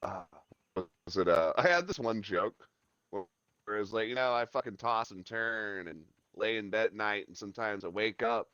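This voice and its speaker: A man's voice: on the low side, normal speed, pushed and bright, no room sound, muffled recording. A man chatting casually while streaming a game, rambling and joking with lots of swearing. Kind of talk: casual gaming chat.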